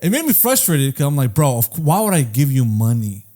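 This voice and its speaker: Male podcast co-host, casual, curses a lot, animated pitch, storyteller. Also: fairly quick. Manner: rambling storyteller, swears often, acts out quoted friends. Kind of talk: casual chat.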